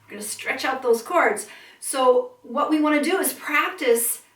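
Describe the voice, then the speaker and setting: A woman's voice: sits high, measured pace, fairly bright tone, echoey room, recorded from a distance. A woman vocal coach teaching a singing lesson, breaking into siren sounds and sung notes to demonstrate.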